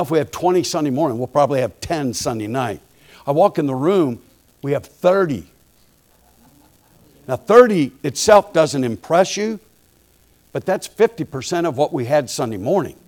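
A male preacher telling a humorous story from the pulpit, quiet and folksy one moment and loud and fired up the next. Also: on the high side, expressive, normal speed. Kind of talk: storytelling sermon.

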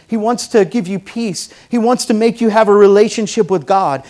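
Middle-aged male preacher, high voice, chatty jokes that build into fervent sermon. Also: moderate pace, hardly any pauses, darkish tone. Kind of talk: sermon with object lesson.

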